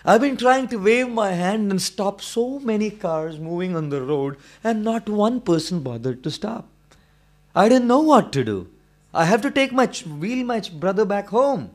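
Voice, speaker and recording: A man's voice: sits high, lively intonation, moderate pace, hardly any pauses, voice pushed up. A man acting out a weak ten-year-old boy who explains himself in an earnest, pleading way.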